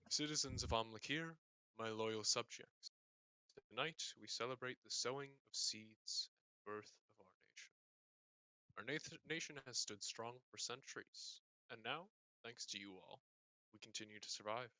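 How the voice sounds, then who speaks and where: A man voicing a stately king giving a grave, slow public speech. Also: dry recording, poor audio. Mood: solemn. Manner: slow, grave, low and quiet.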